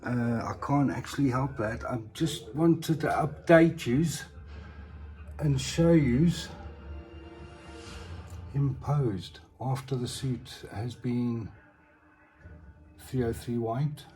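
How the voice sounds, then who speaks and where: A man's voice: medium pitch, slow, pauses often, dark tone, faint music behind. A man talking through his collectible figures in a casual, rambling show-and-tell vlog, often ending lines with "eh?". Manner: rambling and chatty, with tag questions like "eh?".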